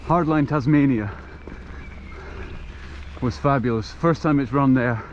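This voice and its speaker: Riding a mountain bike trail, this middle-aged vlogger chats in a relaxed, self-mocking way. His voice is medium-pitched and unhurried, captured in dull lo-fi audio where faint outdoor noise can be heard.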